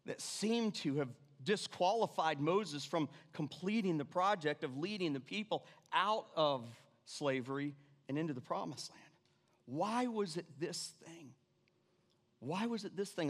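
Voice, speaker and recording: A man preaching a sermon, animated, repeating his lines and dropping suddenly to quiet. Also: a little high. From Irish family background. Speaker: pastor. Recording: long reverb of a church hall.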